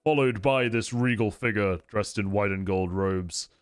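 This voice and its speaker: A man's voice: lowish voice, moderate pace, smooth, no room sound, studio quality. A man narrating a tabletop game as game master, describing scenes in a storytelling way.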